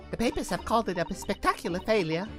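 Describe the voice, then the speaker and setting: A man streaming a game, voicing a composed young woman who makes calm, observant remarks. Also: high-pitched, quick pace, music in the background, voice pushed up.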